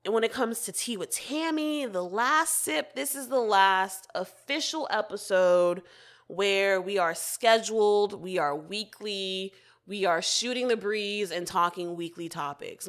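A young woman hosting her own podcast, talking candidly and casually, with frequent swearing. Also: fairly low pitch. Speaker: podcast host. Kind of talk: casual solo podcast talk.

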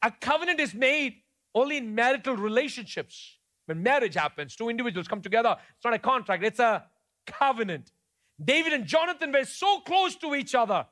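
A man from India, preaching a sermon in a conversational way that moves between soft storytelling and emphatic points. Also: very high voice, lively intonation, brisk. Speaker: pastor.

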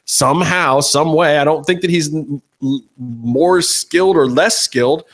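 A man's voice: fairly high pitch, unhurried. Opinionated man chatting on a podcast. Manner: rambling, opinionated, jokey. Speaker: podcast co-host. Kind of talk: casual chat.

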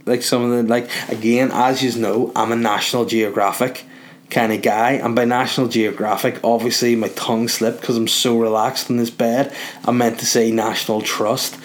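A young man from Northern Ireland with a Northern Irish accent, rambling through a crude comic monologue while relaxing in bed. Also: medium pitch. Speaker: vlogger.

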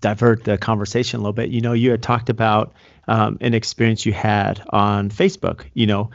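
A man hosting a podcast, asking long, halting interview questions full of fillers. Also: on the low side, little pitch movement, vocal fry, no room sound, lo-fi sound. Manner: halting, with many fillers and restarts. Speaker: podcast host.

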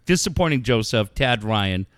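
A man hosting a casual podcast chat, telling stories with lots of swearing and loud acted-out quotes. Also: mid-range voice, moderate pace, no echo, studio quality. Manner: animated storyteller, swears a lot, acts out quotes loudly. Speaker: podcast host organizing a charity event.

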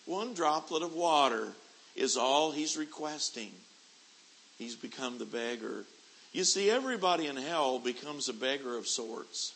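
A middle-aged man preaching a sermon, moving from quiet storytelling to loud, shouted preaching. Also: fairly high pitch, a little slow, rough recording. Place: church convention hall.

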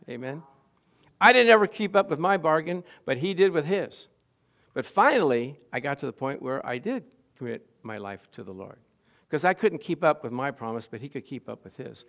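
A middle-aged man preaches with animated energy, rising from hushed asides to loud, emphatic declarations. His voice sits a touch higher than most men's, and he keeps putting questions to his listeners. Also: normal speed. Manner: animated preaching, swinging from quiet to loud, asks the congregation questions. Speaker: pastor. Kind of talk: sermon.

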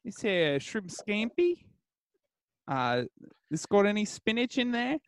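A man putting on a clumsy Australian accent for a sailor cartoon character, drawling slowly through a menu. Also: sits high, big pitch swings, clear, resonant tone, no echo, clean studio sound, voice pushed up, exaggerated voice. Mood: hammy. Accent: put-on Australian.

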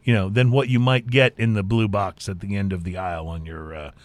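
A man's voice: fairly low pitch, fairly even intonation, a little fast, no echo. A man co-hosting a beer tasting show, chatting casually and rambling with lots of fillers. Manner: rambling, self-deprecating, many fillers. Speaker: co-host of a beer talk show. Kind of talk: casual chat.

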